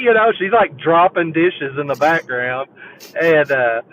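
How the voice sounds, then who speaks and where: Dude calling in over a tinny phone, slightly high voice, rambling fan story. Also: male voice, animated, a little slow. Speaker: caller. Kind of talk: phone-in chat. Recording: tinny phone line with faint hiss.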